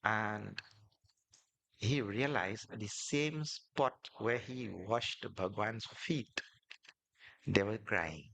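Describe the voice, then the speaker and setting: A swami, a man, telling devotional stories in a sermon, animated and repetitive, building emphasis as he goes. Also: lowish voice, drawn-out words, gravelly, long pauses, no room sound. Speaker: swami, spiritual teacher.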